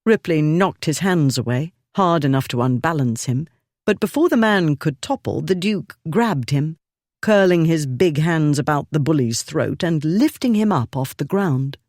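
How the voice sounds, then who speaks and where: A narrator reading a historical romance novel in a measured storytelling manner. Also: mid-range voice, animated, a little mellow, no room sound, clean studio sound. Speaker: audiobook narrator.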